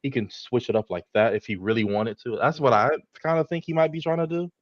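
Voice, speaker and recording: A man calling into a football show, talking in a rambling, hedging, relaxed way. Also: medium pitch, fast talker, dry recording. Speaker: caller. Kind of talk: casual football call-in. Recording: dull lo-fi call line.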